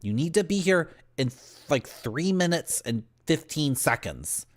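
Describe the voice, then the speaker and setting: A young man streaming a video game live, rambling through deadpan absurd tangents as he plays. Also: a little high, unhurried. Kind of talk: live gameplay commentary.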